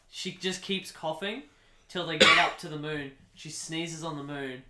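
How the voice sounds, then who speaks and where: Bright, animated man in an echoey room. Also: on the high side. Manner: animated, deadpan nonsense told as fact. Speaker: podcast co-host. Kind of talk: comedic improvised storytelling.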